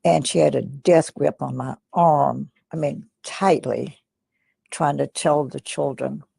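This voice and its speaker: Gravelly-voiced older woman recalling memories. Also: low voice, fairly even intonation, mellow, dry recording. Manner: slow, reflective storytelling, often dropping to a near whisper. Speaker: guest. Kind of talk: recounting personal memories in an interview.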